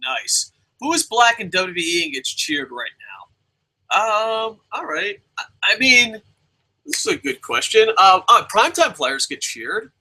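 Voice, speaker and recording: A young man hosts a casual live review by himself, reading viewer comments aloud. His voice is very bright and a little husky, and his pitch swings widely. He swears freely and jumps between loud outbursts and mumbled asides. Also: sing-song, measured pace, rough recording. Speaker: show host.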